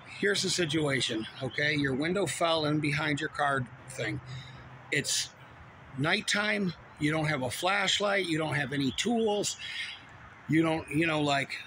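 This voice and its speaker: A man with a somewhat high voice tells a long, rambling story from his shift as a cashier. He swears freely and sounds heated. The recording carries a clear layer of background noise. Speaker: store cashier. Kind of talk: casual storytelling vlog.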